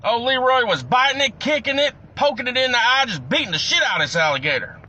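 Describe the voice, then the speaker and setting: A man's voice: very high voice, very animated, bright, forceful tone, lo-fi sound. A man telling a long, crude joke in a casual storytelling way. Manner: profane, drawn-out storytelling. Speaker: joke teller.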